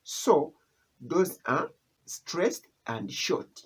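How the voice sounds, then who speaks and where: A teacher talks through a language lesson at an unhurried, deliberate pace. The voice is husky and rises and falls a lot, and the speaker keeps repeating each key term. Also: medium pitch, big pitch swings. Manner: repeats key terms, explains step by step.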